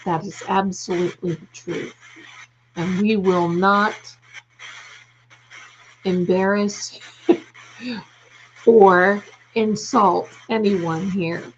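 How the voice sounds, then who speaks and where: This livestream host from the US chats casually from home, reading viewers' comments and affectionately calling them darling. Her medium-pitched voice is steady, with drawn-out words and long pauses, and the muffled recording carries slight background noise.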